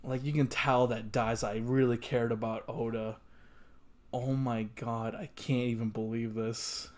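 A man's voice: medium pitch, little pitch movement, measured pace, a little mellow. A man reacting to an anime episode in casual commentary, exasperated and swearing, repeating himself and sometimes dropping to a mutter. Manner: drops into muttered whispers. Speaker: anime reaction channel host.

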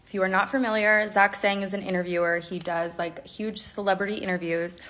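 A woman's voice: medium pitch, steady tone, a little fast, a bit bright. A woman recounting a personal story in a conversational way, often checking in with "okay?".

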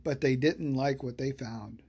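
Breathy calm bedtime storyteller. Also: medium pitch, measured pace.

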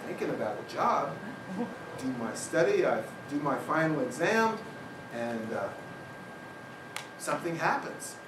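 An older man gives a university talk as a personal story, slipping into the voices of the people he met along the way. His voice sits somewhat high, and the recording sounds like a reverberant lecture hall captured from a distance. A loud steady ambience runs underneath. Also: unhurried, noisy background. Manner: animated storyteller, acts out other people's lines.

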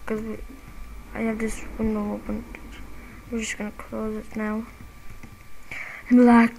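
A woman giving casual, excitable commentary while playing a game, quick to get frustrated and quick to apologize. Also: fairly high pitch, slight background noise, poor audio. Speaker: gamer and channel host.

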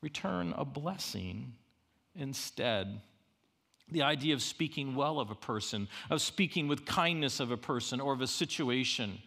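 A middle-aged man preaches with a gravelly, bright-edged voice. He is animated and humorous, punching some lines loudly and dropping others to near-hushed asides. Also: mid-range voice, normal speed, hardly any pauses. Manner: animated, swings from loud emphasis to quiet asides; humorous storytelling. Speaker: university chapel speaker. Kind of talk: preached sermon.

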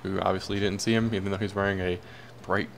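Young man, gaming commentary, casual and excitable, low-pitched, faint background hiss. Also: quick pace, creaky. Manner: casual, excitable, cheers and groans at plays. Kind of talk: video game play-by-play commentary.

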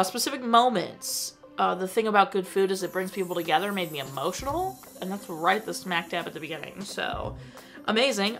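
A young woman chats about a movie she loves, gushing and full of filler words. Her voice sits at an ordinary middle pitch, and faint music plays under her talk. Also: fairly bright tone. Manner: gushing, enthusiastic, frequent "like" fillers. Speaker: movie reviewer. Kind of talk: casual chat.

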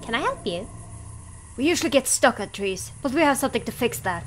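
A woman's voice: a little high, lively intonation, low-quality recording. Woman voicing sarcastic tangled flying creatures. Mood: drawling. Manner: slow, sarcastic drawl. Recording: game music underneath.

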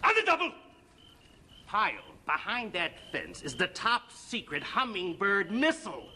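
An actor playing a gruff army officer who barks orders with exasperation, in a 1960s TV comedy sketch. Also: male voice, sits high, huge pitch swings, unhurried, pushed and bright, a little hiss or hum, heavily acted. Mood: barking.

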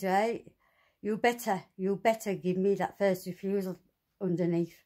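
Woman, mid-pitched and mellow, venting and cursing at her neighbours' noise. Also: fairly even intonation, a little slow. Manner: swearing, exasperated ranting. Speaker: vlogger. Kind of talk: angry monologue to camera.

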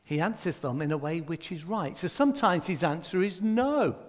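A man with a fairly high voice leads a light-hearted children's slot in a church service. He quizzes the children by name and jokes as he goes. His voice rings out with a long reverb from the church hall. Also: expressive, normal speed. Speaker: church leader giving a children's talk. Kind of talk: playful all-age children's talk in a church service.

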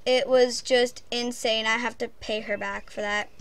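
A woman's voice: a little high, steady tone, measured pace, a little hiss or hum. A woman host chatting casually and apologetically over gameplay, giggling often. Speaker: channel host.

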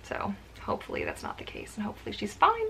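Woman home vlogger, mid pitch, chatty and rambling, talking to camera indoors. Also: huge pitch swings, fast, vocal fry, pushed and bright, slight background noise. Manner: chatty and rambling, heavy on filler words. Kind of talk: casual vlog chat to camera. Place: home filming corner, indoors.

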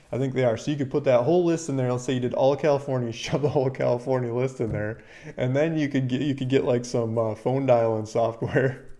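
Chatty man hosting a livestream, mellow voice. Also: mid-range voice. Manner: chatty, excitable, laughs often, reads viewer comments aloud. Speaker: livestream host, land dealer. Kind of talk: casual livestream talk.

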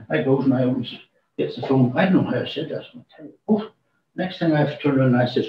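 A man's voice: mid-range voice, fast, slight background noise. A man gives an informal church testimony, rambling through his story and acting out what people said. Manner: rambling storyteller, acts out quoted dialogue. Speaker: church speaker giving a testimony. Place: church hall. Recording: roomy, distant, dull church recording.

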